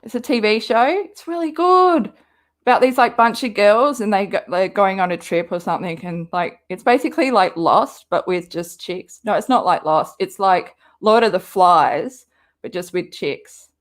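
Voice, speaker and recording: An Australian woman hosting a livestream, chatting casually and rambling as she answers viewers' comments. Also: a little high. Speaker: livestream host. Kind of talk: casual chat with live viewers.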